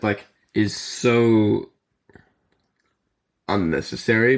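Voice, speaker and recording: Gravelly low-voiced man rambling. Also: darkish tone. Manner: rambling, explains at length with many fillers. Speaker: podcast co-host. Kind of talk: casual chat.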